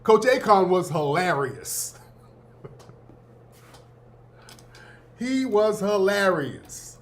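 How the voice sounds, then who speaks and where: A man's voice: high-pitched, big pitch swings, extremely slow, long pauses. A man in his fifties hosting a show, telling school stories in a casual, slangy way and often laughing. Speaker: host. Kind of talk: casual storytelling.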